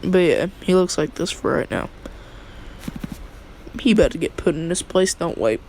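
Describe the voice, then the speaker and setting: A man's voice: a little high, lively intonation, moderate pace, a little mellow, a little hiss or hum, poor audio. A young man casually retelling a fan story, rambling and slangy with many fillers.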